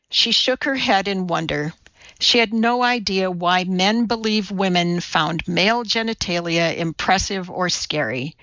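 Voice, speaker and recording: A woman narrating an audiobook in measured, even storytelling. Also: mid-range voice, dry recording, highs cut off. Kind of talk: scripted narration.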